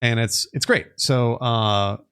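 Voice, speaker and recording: A man's voice: medium pitch, steady tone, slow, fairly bright tone, smooth. A man casually explaining on a live stream, reading bits of articles aloud and rambling with restarts and the odd curse word. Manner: rambling, reads articles aloud, restarts and fillers, occasional swearing.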